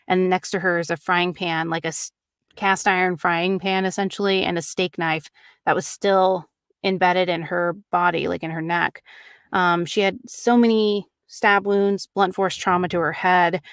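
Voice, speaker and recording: A woman hosting a true crime podcast, retelling a case casually with many fillers and quick acted-out quotes. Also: on the low side, clean tone, dry recording, clean studio sound.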